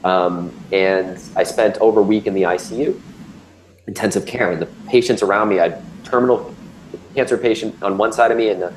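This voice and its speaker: A man in his thirties speaks as a guest about a health scare he went through, candid and filler-heavy, restarting often. His lowish voice is steady and a little fast. The recording is low quality, with a little hiss or hum.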